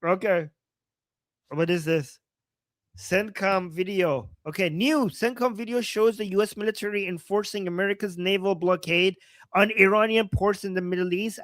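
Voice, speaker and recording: A woman's voice: lowish voice, no echo. A woman co-hosting a livestream, commenting casually and animatedly, often laughing and mimicking voices. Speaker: livestream co-host.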